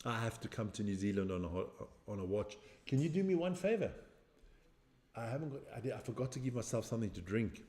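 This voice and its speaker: This watch-along stream host is a middle-aged man with a lowish, warm voice that swings widely in pitch as he talks fast. He chats casually while reacting to a match, responding to viewers' comments and making jokes about how old he is.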